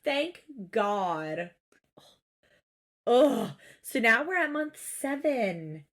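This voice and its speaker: Woman co-host, high and lively voice, exasperated casual recap chat. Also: extremely slow. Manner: animated, exasperated, swears freely, acts out quotes. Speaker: podcast co-host.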